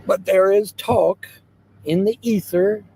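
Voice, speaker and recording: A man's voice: high voice, fairly even intonation, takes it slowly, mellow, a little hiss or hum, rough recording. A man from Ohio with an Ohio accent, rambling casually and greeting his livestream chat, repeating himself as he goes. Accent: Southwest Ohio. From Hamilton, Ohio, USA. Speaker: livestream host. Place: outdoors beside idling trucks. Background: faint engine idling.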